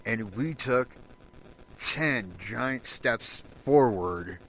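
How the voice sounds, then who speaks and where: A man hosting a solo show, delivering an angry, profane rant and raising his voice to a shout at times. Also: mid-range voice, lively intonation, drawn-out words, slight background noise, rough recording. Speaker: podcast host.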